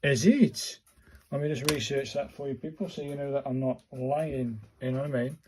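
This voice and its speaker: A man's voice: medium pitch, moderate pace, background noise. A man, chatting casually in a vlog and muttering to himself as he counts and searches. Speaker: vlogger learning Japanese writing. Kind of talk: casual thinking-aloud tutorial chat.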